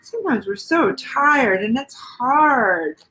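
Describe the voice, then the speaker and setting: Woman pastor, middle-aged, slightly high voice; soft, sing-song picture-book reader who talks to children. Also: lively intonation, slow pace, low-quality recording. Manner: gentle, sing-song storytelling with questions to children.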